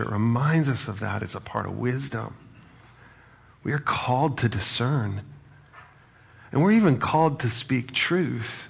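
A man's voice: mid-range voice, creaky, breathy edge. A man preaching a sermon as a pastor, talking in a conversational way and asking the audience questions.

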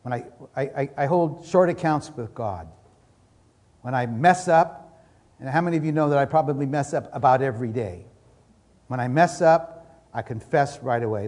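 A man's voice: mid-range voice, normal speed, a little mellow. A man preaching a sermon as pastor, fervent and repetitive, voicing prayers as he speaks.

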